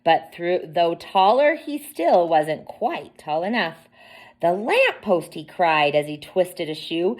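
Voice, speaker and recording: A woman reading a picture book aloud at children's story time, expressive and asking the listeners questions. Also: lowish voice, slow pace.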